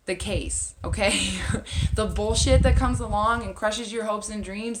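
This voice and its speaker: A woman spiritual coach giving a casual self-help talk, blunt, swearing freely and hammering her points home. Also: medium pitch. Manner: blunt, profane and emphatic. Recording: echoey room with loud background noise.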